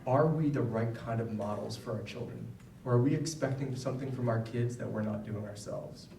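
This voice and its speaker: A psychologist talks conversationally to parents in a school event hall, sharing personal stories in a public lecture and often checking in with "right?". His mid-range voice is brisk and dark-toned, with vocal fry and a little hiss or hum. The recording sounds roomy, with a distant mic and faint ambience.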